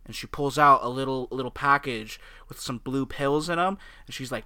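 A young man co-hosting a podcast, pitching a bit in an easygoing way with lots of "uh" and "right?". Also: normal speed, hardly any pauses, pushed and bright, no room sound. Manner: laid-back, filler-heavy, ends with "right?". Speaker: podcast co-host. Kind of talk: casual chat.

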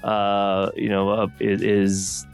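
A man's voice: lowish voice, monotone, slow pace, gravelly, a little mellow, clean tone, faint music behind. A man co-hosting a casual podcast chat, opinionated and ranty, often repeating his words. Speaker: podcast co-host.

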